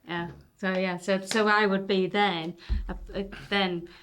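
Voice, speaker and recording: Brief: woman, mid-pitched voice, photographer, chatty and heartfelt when telling stories. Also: flat delivery, measured pace, fairly bright tone, a little hiss or hum. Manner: rambling, heartfelt storytelling with restarts. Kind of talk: casual conversation.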